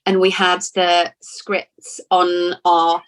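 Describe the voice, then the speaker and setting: Chatty English actress in an interview. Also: female voice, on the low side, level tone, extremely slow. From Lincoln, England. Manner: chatty, with frequent restarts and repeated words. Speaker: actor being interviewed. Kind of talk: casual interview chat.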